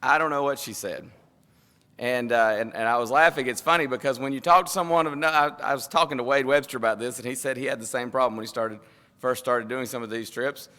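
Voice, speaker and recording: A man's voice: medium pitch, fast, pushed and bright, clean tone. A man with a Southern US accent preaching a sermon, telling a story in a folksy, rambling way and laughing as he goes. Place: church sanctuary. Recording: long reverb of a church hall.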